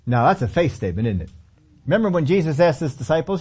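A man's voice: mid-range voice, expressive, fairly quick, mellow, husky. A man preaching a sermon in a conversational way, acting out lines of scripture dialogue as he tells the story.

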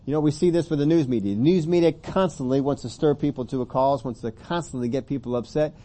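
A man's voice: medium pitch, quick pace, warm tone. A man preaching a conversational sermon, reading scripture aloud and rising to emphatic questions.

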